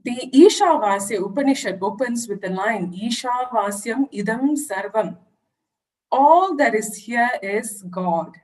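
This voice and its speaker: A woman's voice: on the high side, big pitch swings, a little slow, hardly any pauses, darkish tone, poor audio. A woman giving an earnest, explanatory online lecture over a video call. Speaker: religious education presenter.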